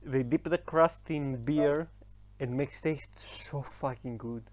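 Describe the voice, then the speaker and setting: A man from Greece with a Greek accent, chatting casually on a podcast, pausing to hunt for words and swearing now and then. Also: mid-range voice, darkish tone, no echo. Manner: halting, searching for words, profane.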